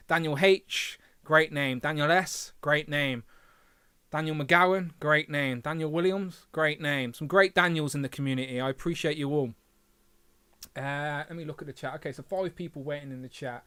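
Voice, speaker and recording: A chatty man hosts a casual livestream, his voice a touch higher than most. He sounds close to the mic in a dry, dead room, reading comments aloud and humming between thoughts. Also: sharp tone, clean tone, no echo. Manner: chatty, reads chat aloud, filler hums. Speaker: livestream host.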